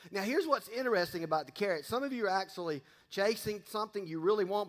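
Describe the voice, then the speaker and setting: A pastor in his middle years jokes with the congregation during an easygoing, folksy sermon. His voice sits high with a fairly bright tone, echoing through the long reverb of the church sanctuary.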